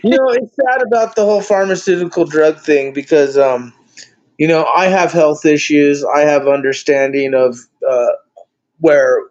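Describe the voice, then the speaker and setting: A man's voice: fairly high pitch, moderate pace, darkish tone. A man hosting a casual online chat, rambling with many fillers and blunt swearing. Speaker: host. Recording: dull lo-fi sound.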